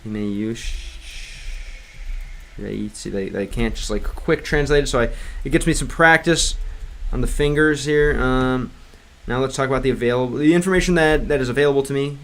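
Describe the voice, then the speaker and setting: Man, middle pitch, casual livestream chat, rambling, lots of fillers and restarts, halting learner's Russian. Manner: clumsy Russian read aloud in a learner's voice.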